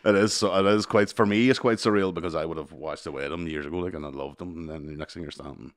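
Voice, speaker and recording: A man's voice: sits low, fast. A man co-hosting a podcast, telling rambling, sweary stories in casual chat. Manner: sweary, rambling anecdotes with frequent laughs. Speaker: podcast co-host, comedian.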